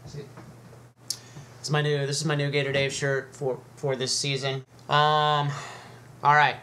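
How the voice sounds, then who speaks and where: A man's voice: fairly high pitch, little pitch movement, measured pace, pauses often, bright, forceful tone, a little hiss or hum. A man hosting his own video, explaining snakes in a chatty, easygoing way with frequent ums and uhs. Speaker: snake educator and video host. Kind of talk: casual educational talk to camera.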